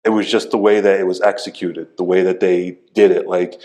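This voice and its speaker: A man's voice: low-pitched, flat delivery, a little fast, a little mellow. A man co-hosting a casual podcast, speaking in a laid-back, slangy way. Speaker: podcast co-host. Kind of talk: casual chat.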